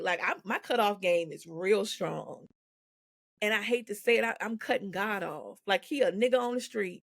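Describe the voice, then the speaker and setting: A woman's voice: mid-range voice, vocal fry, no room sound, studio quality. A woman guest on a podcast, speaking frankly and with animation, laughing often as she tells her story. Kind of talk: candid conversational storytelling. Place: podcast recording.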